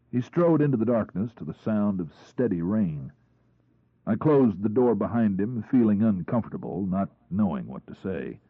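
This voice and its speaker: A man narrating a crime novel in the first person, with a measured storytelling delivery. His voice sits low and has a husky, breathy grain. The recording is dry and band-limited, and sounds tinny, like a phone line. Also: sing-song, no echo. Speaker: audiobook narrator.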